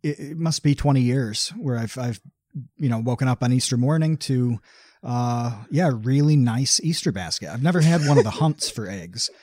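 A man co-hosting a podcast with a mid-pitched voice, telling stories in an understated, deadpan way. The sound is dry and close to the mic. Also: normal speed, no echo. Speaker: podcast co-host. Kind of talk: casual chat.

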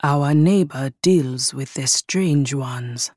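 A woman's voice: very deep voice, slow pace, a little mellow, slightly rough, dry recording, studio quality, heavily acted. A woman reading the part of a proud male village ruler who speaks with contempt and disgust in an audio story. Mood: scornful.

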